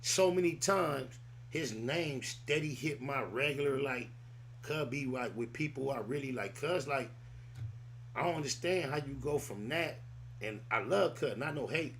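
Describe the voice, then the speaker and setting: A man's voice: medium pitch, unhurried, fairly bright tone, slight background noise. A man hosting a podcast, telling stories casually in loose street slang. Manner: loose, rambling storytelling full of street slang. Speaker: podcast host. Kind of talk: casual chat.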